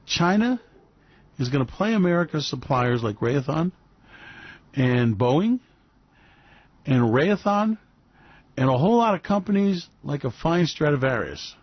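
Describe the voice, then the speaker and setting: Man, host, sarcastic rambling commentary, slightly high voice, dry dull recording. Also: lively intonation, measured pace, pauses often, dry recording. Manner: rambling, sarcastic, fillers and restarts. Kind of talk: sarcastic radio commentary monologue.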